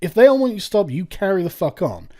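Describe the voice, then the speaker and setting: A man's voice: high voice, sing-song, fast, a little mellow. A man hosting a reaction commentary, ranting in a sarcastic, profane way. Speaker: commentary video host.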